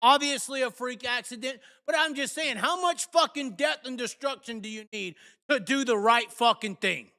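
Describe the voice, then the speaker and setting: A man hosting a live show, ranting angrily and cursing, swinging between shouts and mutters. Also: very high voice, normal speed, big-room sound. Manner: heated, profane, shifts from shouting to muttering. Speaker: host. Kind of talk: angry live rant.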